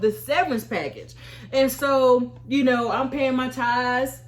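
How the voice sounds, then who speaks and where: Animated, high-voiced storytelling woman. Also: measured pace. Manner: animated, expressive, acts out her own reactions. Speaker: YouTuber and Army veteran. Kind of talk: storytime vlog.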